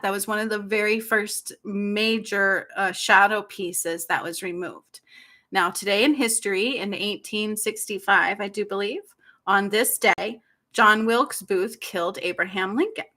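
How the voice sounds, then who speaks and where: Bright-voiced emotional woman healer. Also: medium pitch, steady tone, measured pace. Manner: soft, tender and tearful, with frequent apologies and laughs. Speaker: spiritual healer hosting a livestream. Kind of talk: emotional livestream talk.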